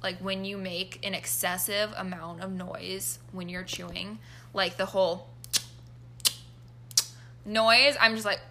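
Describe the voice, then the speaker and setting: A young woman co-hosting a casual chat, animated and quick to groan in mock disgust. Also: mid-range voice. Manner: chatty, animated, exaggerated groans. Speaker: podcast co-host.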